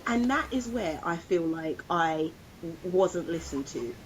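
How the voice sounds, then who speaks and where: A woman's voice: lowish voice, expressive, measured pace, slight background noise, low-quality recording. A woman co-hosting a podcast, telling a personal story in a casual chat and acting out the voices of others. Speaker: podcast co-host.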